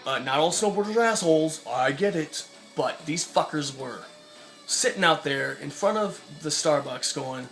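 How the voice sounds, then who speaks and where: A man's voice: a little high, expressive, moderate pace, fairly bright tone, faint music behind. A young man telling an angry personal story in a vlog, swearing a lot and acting out the people he quotes. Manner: profane, ranting, acts out quoted voices. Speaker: vlogger.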